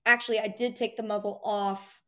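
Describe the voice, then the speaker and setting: A woman answering interview questions about training her dog, animated and acting out cheerful voices. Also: mid-range voice, brisk.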